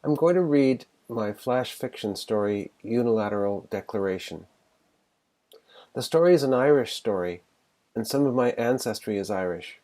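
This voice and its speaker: A man with a Canadian accent introducing and reading his own flash fiction story in a plain, steady storytelling way. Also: mid-range voice, moderate pace.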